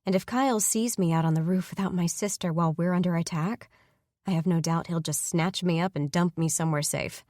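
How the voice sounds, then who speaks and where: Low-voiced woman narrating an audiobook. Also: darkish tone, no room sound, clean studio sound. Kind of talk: first-person fantasy romance narration.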